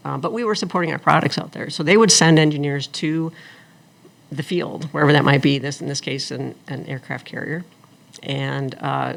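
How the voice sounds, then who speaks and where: Lively storytelling woman, gravelly voice. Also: low voice. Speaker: guest, attorney and former engineer. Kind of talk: casual storytelling in an interview.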